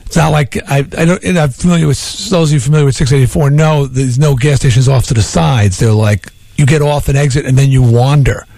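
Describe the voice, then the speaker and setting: A man hosting a radio show, telling a long rambling story in a lively, jokey way. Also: medium pitch, a little fast, creaky, hardly any pauses, no echo. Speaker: radio host. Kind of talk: casual storytelling on morning radio. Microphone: studio microphone.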